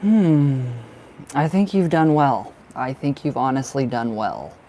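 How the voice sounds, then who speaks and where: A man's voice: mid-range voice, animated, takes it slowly, mellow. Man, tarot reader on a live stream, chatty, giggly, cold, home webcam mic, faint hiss. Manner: chatty, giggly, talks to viewers by name. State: cold, bundled up.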